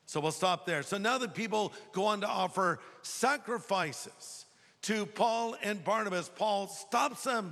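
Pastor, animated humorous storyteller, bright ringing tone, reverberant hall. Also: male voice, sits high, measured pace. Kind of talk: sermon.

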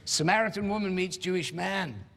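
A man's voice: sits high, moderate pace, vocal fry, fairly bright tone. A man preaching an expository sermon in an earnest, emphatic way, asking rhetorical questions as he explains a Bible passage. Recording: long reverb of a large hall.

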